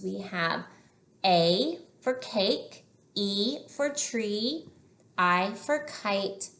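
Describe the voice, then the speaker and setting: A woman teacher leading a phonics lesson, prompting slowly and clearly with patient, drawn-out words. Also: medium pitch, slight background noise. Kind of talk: slow, deliberate phonics lesson. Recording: echoey room.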